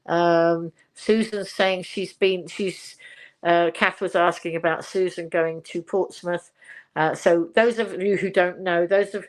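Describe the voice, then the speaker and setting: A woman's voice: lowish voice, fairly even intonation, measured pace. Older english lady chatting away on her home livestream, rambly, laughs a lot, reads out comments. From England. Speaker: livestream host. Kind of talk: casual live chat reading viewer comments.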